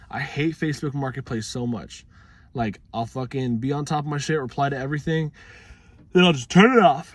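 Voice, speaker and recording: A man's voice: on the high side, a little hiss or hum. Profane young man rambling in a vlog. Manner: profane, rambling, laid-back. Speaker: vlogger. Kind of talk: casual vlog monologue.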